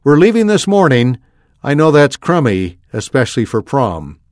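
A man's voice: medium pitch, big pitch swings, normal speed, darkish tone, no room sound, studio quality, lightly acted. A man reading aloud, voicing a nervous teenage boy who stammers. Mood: apologetic.

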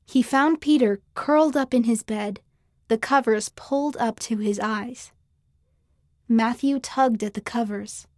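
A woman narrating a children's story in a clear, expressive manner. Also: fairly high pitch, a little slow, no room sound, studio quality.

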